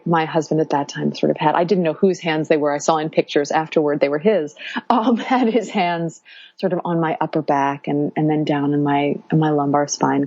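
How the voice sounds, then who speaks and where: A woman tells her own story in a low, mellow voice, pausing often with fillers and restarting her sentences. The recording is dry and a little dull. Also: no echo. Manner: warm, halting, many fillers and restarts. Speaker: podcast guest telling her birth story. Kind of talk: casual storytelling.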